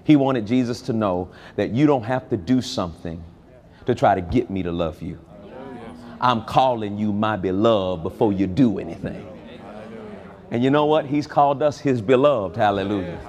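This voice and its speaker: Animated preacher man with a swinging delivery. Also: normal speed. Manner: animated preaching with wide swings in pitch and loudness. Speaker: pastor. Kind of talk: sermon. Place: large convention hall.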